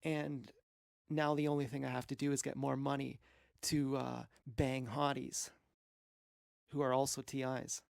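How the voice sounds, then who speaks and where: A man's voice: medium pitch, flat delivery, measured pace, gravelly, no echo, clean studio sound. A man rambling through a meandering, profane, self-questioning monologue as a streamer.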